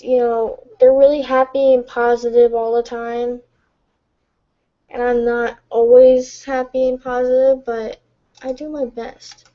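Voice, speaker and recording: Tired girl talking late at night, kinda high voice but mellow, halting and emotional, muffled lo-fi mic. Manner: soft, halting, emotional, with stumbles and restarts. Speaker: vlogger. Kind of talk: late-night confessional live stream. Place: home, at night.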